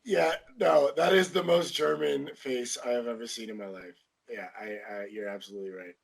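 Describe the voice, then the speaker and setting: A man's voice: mid-range voice, normal speed, vocal fry, poor audio. A man co-hosting a casual film discussion podcast, hesitant and often repeating words as he thinks. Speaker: podcast co-host.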